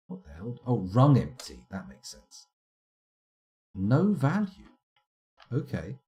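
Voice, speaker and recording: A man's voice: fairly low pitch, very animated, slow, long pauses, warm tone. A man streaming live gameplay commentary, chatty and self-mocking with wry asides. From United Kingdom.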